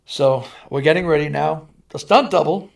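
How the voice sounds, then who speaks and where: A man with a gravelly, somewhat high voice tells stunt stories with a lot of energy. He slips into the voices of the people he describes, now loud, now dropping to a hush. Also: moderate pace. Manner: animated, acts out voices in anecdotes. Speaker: stuntman guest. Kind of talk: animated storytelling.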